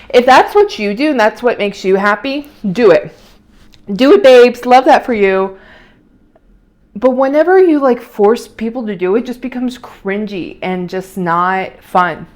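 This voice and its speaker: A young adult woman vlogging in casual chat, rambling and opinionated, with many fillers and restarts. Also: medium pitch.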